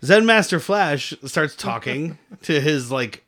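A man's voice: a little high, expressive, slow pace, crowd noise. A man co-hosting a movie podcast, talking in a rambling, profane way and laughing often. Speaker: podcast co-host reviewing a bad movie. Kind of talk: casual chat.

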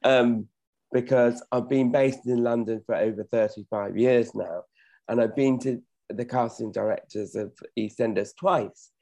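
A man's voice: medium pitch, fairly even intonation, unhurried, mellow. A middle-aged man, an actor, chatting modestly as an interview guest, often correcting himself. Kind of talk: casual interview talk.

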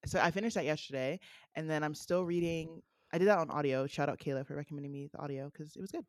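A woman's voice: deep voice, quick pace, dry recording, clean studio sound. A woman co-hosting a casual podcast, rambling along and filling her sentences with "like.". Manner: rambling, heavy on "like" fillers. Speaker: podcast co-host. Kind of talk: casual chat.

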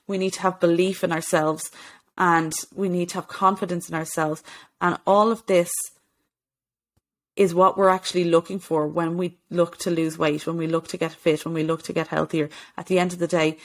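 A woman's voice: on the low side, level tone, normal speed. A woman, hosting a solo health-coaching podcast in an earnest, encouraging way, with many "okay"s and restarts. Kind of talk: solo podcast advice talk.

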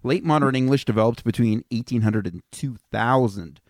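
A man's voice: mid-range voice, normal speed, dry recording. A man co-hosting a casual podcast, reading out history facts and joking with his friends. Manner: joking, reads out facts between banter. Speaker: podcast co-host presenting facts.

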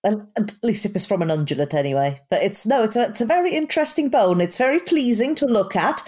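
A woman from Italy with an Italian accent, co-hosting a podcast in casual chat, dry and understated, talking in quick bursts with hesitations. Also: medium pitch, lively intonation, darkish tone, slightly rough. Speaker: podcast co-host.

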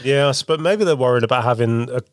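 A man's voice: mid-range voice, brisk, dry recording, clean studio sound. A man co-hosting a podcast, chipping in with brief, wry remarks in casual chat. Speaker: podcast co-host.

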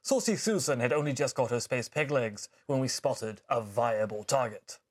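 A swaggering, blustering space pirate captain growls through his lines in a hammy pirate accent that keeps slipping, put on by a podcaster in a comedy sketch. The voice sits at a middling pitch and has a loose, homemade comic sketch feel. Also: big pitch swings, normal speed, a bit bright. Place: studio, seated with co-host.

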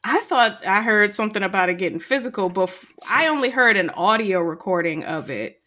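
A woman's voice: mid-range voice, lively intonation, fairly quick, bright, forceful tone. A woman co-hosting a podcast, chatting casually and telling stories with a laugh. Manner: chatty, storytelling, laughs along. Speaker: podcast co-host. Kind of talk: casual chat.

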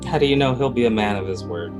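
A man's voice: lowish voice, animated, quick pace. A man playing in a tabletop game, joking and then arguing earnestly in character. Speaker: player. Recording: music playing underneath.

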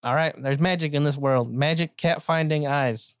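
A bumbling, self-important male detective with a low, dry, deadpan delivery, done by a woman in her own low voice. He blusters through his lines as if they were grand, recorded close and dry. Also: moderate pace, smooth, no echo, natural voice. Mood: blustery. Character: bumbling pantsless male pet detective, gruff and self-pitying.

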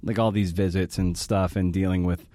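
A man speaks in a somewhat low register, hosting his own podcast. His delivery is halting and emotional, full of restarts. The sound is dry, with no room echo. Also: steady tone, dark tone. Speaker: podcast host. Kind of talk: personal monologue.

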